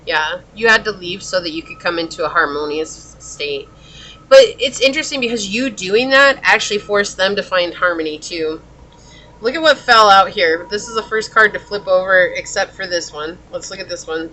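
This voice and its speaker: Bright-voiced chatty tarot reader. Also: mid-range voice, moderate pace, low-quality recording. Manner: chatty, exclamatory, talks to spirit guides aloud. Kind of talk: pick-a-card tarot reading.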